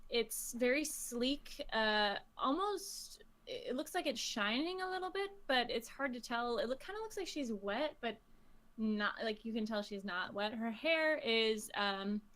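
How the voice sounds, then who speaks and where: A woman playing a tabletop game, describing her character slowly and hesitantly, with fillers. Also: a little high, a bit bright. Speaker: player.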